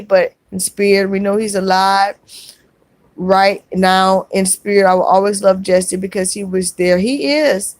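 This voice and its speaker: Woman live-streamer, gentle and consoling, reads comments aloud and calls folks sweetheart, dry room. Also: medium pitch, no echo. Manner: soft-spoken, consoling, calls viewers sweetheart and baby. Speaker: vlogger reading live chat. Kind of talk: live stream chat reading.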